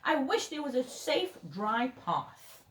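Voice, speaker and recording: A woman's voice: high voice, big pitch swings, slow pace, fairly bright tone, voice pushed up, exaggerated voice. Woman doing a whiny stuck dog. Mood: frustrated. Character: howling stuck dog, frustrated. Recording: roomy echo.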